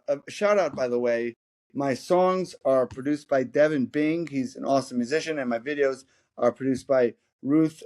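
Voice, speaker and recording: A man chats as a podcast guest, jokey and playful, often breaking into quick quips. His voice is at a middle pitch and his delivery is loose and conversational. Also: darkish tone. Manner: joking, playful. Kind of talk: casual chat.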